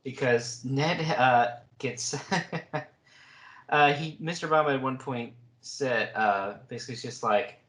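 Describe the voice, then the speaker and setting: A man's voice: mid-range voice, takes it slowly, a bit bright. Man recapping in an echoey room. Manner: recaps chapter events with asides. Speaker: podcast co-host. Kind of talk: casual book discussion.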